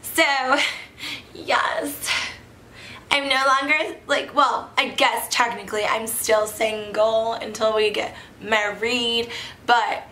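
Young woman vlogger in her twenties, bright and chatty, rambling and excitable, recorded in an echoey room. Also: a little high, very slow, pauses often. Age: 20s. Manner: giddy, rambling, lots of "like" and laughter. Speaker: wine review vlogger. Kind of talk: casual vlog chat. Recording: echoey room with faint background noise.

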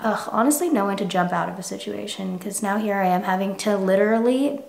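A woman's voice: mid-range voice, brisk, creaky, roomy sound. A young woman in her twenties vlogging in casual, frank chat to camera, with lots of "like". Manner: chatty, frank, says "like" often.

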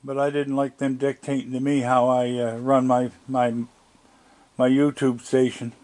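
An older man, chatting casually outdoors at his house, plainspoken, coaxing the animals gently as he talks. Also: mid-range voice, flat delivery, a little slow. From Nova Scotia, Canada. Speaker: wildlife vlogger. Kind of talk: casual talk while feeding raccoons.

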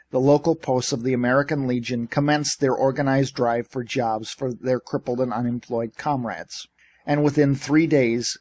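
A man's voice: mid-range voice, darkish tone, close to an everyday voice. A man voicing a sour, defiant office manager in an audiobook, complaining about his boss's choices. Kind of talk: audiobook character reading.

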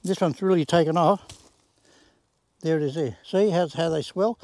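A man's voice: a little high, normal speed, a little mellow, dry recording. A man, casually showing a home garden in a plain-spoken, folksy way and using rural sayings. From Australia. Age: 80s. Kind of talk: casual demonstration. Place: outdoors in a garden.

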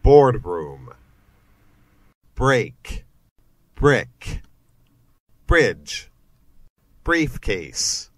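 Male vocabulary reader, very slow and deliberate, lowish voice, dry close recording. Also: very animated, no echo. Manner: reads single words with long pauses, each carefully pronounced. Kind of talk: slow word-list reading for learners.

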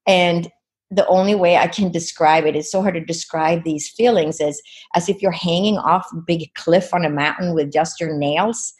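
Woman, low-pitched, interview guest, vivid earnest retelling, frequent "you know". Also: steady tone, normal speed, a little mellow. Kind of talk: personal storytelling.

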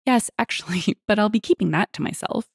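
A woman narrating internet stories aloud, with lively, expressive storytelling. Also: medium pitch, a little fast, vocal fry, husky, no room sound, clean studio sound.

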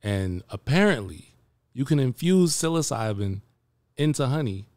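A man's voice: medium pitch, sing-song, a little slow, darkish tone, dry recording. A man co-hosting a podcast in casual chat, easygoing and dropping dry quips. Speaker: podcast co-host.

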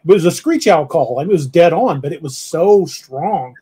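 Man, podcast host, fairly high voice, husky, casual storyteller. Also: animated, moderate pace, mellow. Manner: storytelling, reads out viewer comments. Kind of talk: casual live-stream chat.

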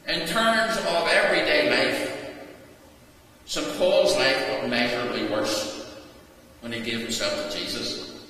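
A man, a rector, preaching a sermon in a measured, emphatic way, with repeated refrains. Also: mid-range voice, sing-song, pushed and bright. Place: large stone church. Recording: echoey church from far off.

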